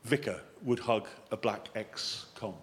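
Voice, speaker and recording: A man, a vicar, giving a lively sermon that wanders into chatty, self-mocking asides. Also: medium pitch, unhurried, slight background noise. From England. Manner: animated, chatty preaching with digressions and self-deprecating asides.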